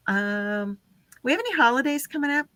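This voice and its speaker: A woman's voice: high voice, lively intonation, normal speed, bright, forceful tone, no echo. A woman hosting a casual live stream, chatting with guests and running through lists of names. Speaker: livestream host.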